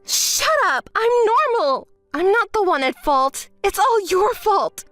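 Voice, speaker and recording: A woman voicing a spoiled, entitled young woman who whines and shouts shrilly. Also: very high-pitched, expressive, a little slow, no echo, faint music behind, voice pushed up, full character voice. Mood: shrieking.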